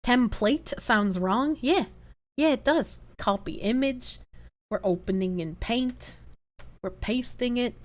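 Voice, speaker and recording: A woman's voice: a little high, takes it slowly. A woman livestreamer chatting casually, swearing freely as she reacts to videos. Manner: animated, profane, reacting to videos. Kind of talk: casual chat.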